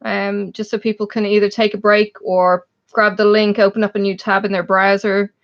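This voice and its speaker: Irish woman, livestream host, friendly and chatty, mid-pitched, muffled lo-fi sound. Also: level tone, normal speed. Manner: chatty, laughs often, reads out viewers' names. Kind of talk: casual live chat with viewers. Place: home, in Australia. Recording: dull lo-fi stream audio.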